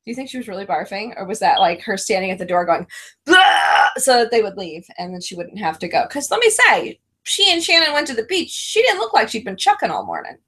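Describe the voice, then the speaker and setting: A woman's voice: medium pitch, fast, hardly any pauses, slightly rough. A middle-aged woman co-hosting a casual chat about reality TV, telling stories with lots of laughter. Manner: giggly, animated storytelling. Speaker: co-host.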